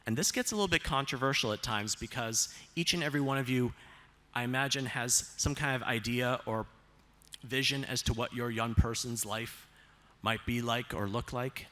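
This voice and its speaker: Brief: man of mid pitch, presenter with slides, measured and deliberate, stretches key phrases, asks the room rhetorical questions. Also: sharp tone. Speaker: self-advocate presenter on autism.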